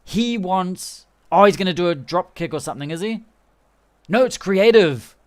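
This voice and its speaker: Male streamer, higher register, chatty and excitable play-by-play. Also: moderate pace. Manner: excitable, chatty, laughing often. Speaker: game streamer. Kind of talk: live game commentary.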